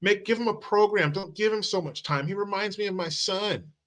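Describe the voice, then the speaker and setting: Mocking falsetto send-up of an indulgent woman official, put on by a man, high and bright. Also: fairly quick. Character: soft-hearted woman official, pleading and indulgent.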